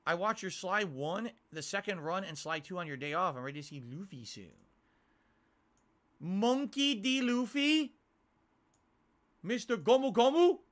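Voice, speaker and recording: A man streaming from his home office, reading viewer tips aloud and ranting in an exasperated way. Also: high-pitched. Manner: exasperated rants, animated. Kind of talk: livestream chat, reading tips. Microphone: desk mic.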